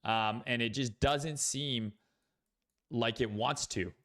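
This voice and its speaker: A man's voice: medium pitch, slow, a bit bright. A man hosting a casual crypto trading livestream, talking bluntly with swearing and lots of fillers. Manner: blunt, profane, thinks aloud with many fillers. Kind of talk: casual livestream market commentary.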